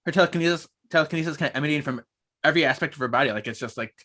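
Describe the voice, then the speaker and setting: Giggly man with a higher voice. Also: rapid-fire, pushed and bright. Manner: giggly, laughs often, chatty. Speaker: podcast co-host. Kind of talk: casual chat.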